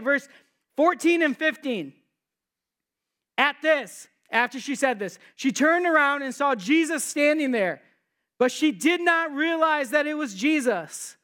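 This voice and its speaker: A man's voice: very high-pitched, expressive, unhurried, fairly bright tone. A man preaching a sermon in a conversational way, posing rhetorical questions to his listeners and slipping in jokes. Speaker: pastor.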